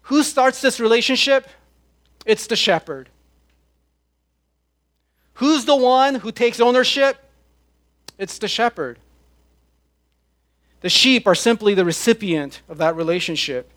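A pastor with a notably high, somewhat bright voice preaches a sermon in an animated, emphatic way. When quoting scripture he draws it out one deliberate phrase at a time.

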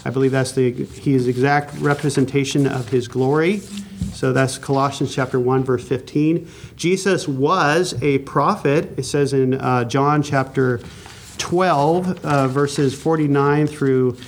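A man teaching a Bible class from an outline, earnest and emphatic, slowing down to stress key points. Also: mid-range voice, fairly even intonation, a little hiss or hum. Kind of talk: sermon-style Bible teaching.

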